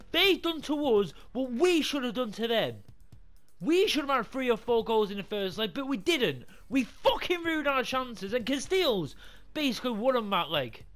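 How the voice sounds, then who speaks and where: A young man commentating his football video game career mode, swearing a lot, yelling when things go wrong and talking things through quietly in between. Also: extremely high pitch. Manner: swears a lot, yells in frustration, mutters calmly between games. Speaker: gaming YouTuber. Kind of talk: live gameplay commentary.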